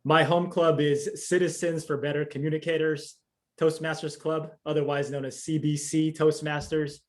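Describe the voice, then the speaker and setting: A man's voice: fairly high pitch, level tone, moderate pace. A man competing in a speech contest, answering interview questions in a casual, playful way over a video call. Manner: playful, joking.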